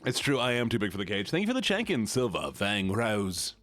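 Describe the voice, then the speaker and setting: A man's voice: big pitch swings, very fast, fairly bright tone, soft background music. A man live-streaming in a playful, teasing way, chatting with his viewers. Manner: playful, teasing, squeals high when mock-upset. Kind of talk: casual live-stream chat.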